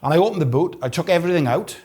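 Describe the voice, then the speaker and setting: A man's voice: on the high side, very fast. A middle-aged Welsh man, a guest snooker player, telling stories in casual chat and acting out the people he quotes. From Wales. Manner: animated storyteller who acts out quoted dialogue. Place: snooker room.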